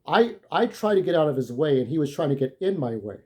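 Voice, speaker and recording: A man's voice: on the high side, very animated, fast, a little mellow. A shaken-up man telling an angry, profane story about a confrontation in a vlog. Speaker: vlogger. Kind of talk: ranting vlog monologue.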